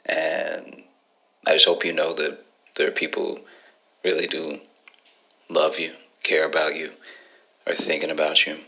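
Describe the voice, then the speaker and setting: A man puts on a very deep, gravelly voice for a grown man calling a buddy late at night. The tone is flat and the timbre bright, and he talks slowly and softly with earnest care. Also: muffled recording, heavily acted. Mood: tender, earnest. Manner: slow, soft-spoken and earnest.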